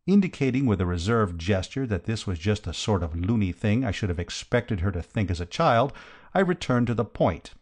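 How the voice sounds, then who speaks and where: A man's voice: lowish voice, lively intonation, fairly quick, a little mellow. A man narrating a comic novel in the first person, with a dry, wry, conversational delivery. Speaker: audiobook narrator.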